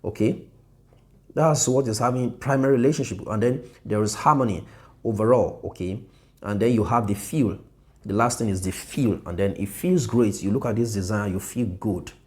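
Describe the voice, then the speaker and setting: A man with a fairly low voice walks through a design lesson on screen. He repeats points and keeps checking in with "okay" and "you see", in a patient teaching tone. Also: moderate pace, darkish tone. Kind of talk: screen-share tutorial.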